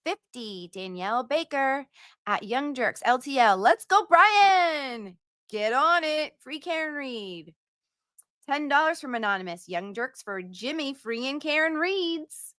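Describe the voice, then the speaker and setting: A woman's voice: high-pitched, animated, measured pace, fairly bright tone, no room sound, studio quality. A woman hosting a casual livestream, reading out donor messages in a chatty, playful way. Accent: put-on accent at times. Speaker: livestream host reading donations.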